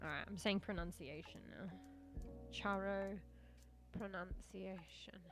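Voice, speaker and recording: An Australian woman chats on a live stream in a loose, rambling way, with casual swearing and little chuckles. Her voice sits at an ordinary middle pitch for a woman. Soft music plays faintly behind her. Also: fairly even intonation, a little slow. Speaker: VTuber streamer.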